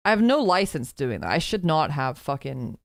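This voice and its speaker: A woman's voice: low voice, sing-song, normal speed, creaky, no room sound, studio quality. A woman streamer in casual chat, laughing as she reads out her old skit scripts.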